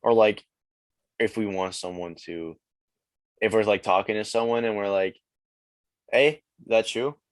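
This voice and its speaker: A laid-back teenage guy from Quebec talks in a casual interview. His voice sits low, and the close recording is very dry. He keeps leaning on "like" and "man" as fillers. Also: steady tone, moderate pace, pauses often, no room sound. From Quebec, Canada. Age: teens. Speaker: guest rapper. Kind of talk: casual chat.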